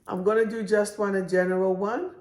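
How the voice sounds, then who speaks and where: During a live stream, a female spiritual coach reads affirmation cards to her viewers, slow, soothing and affirming. Her mid-range voice has a darkish tone and fairly even intonation, and the sound is roomy.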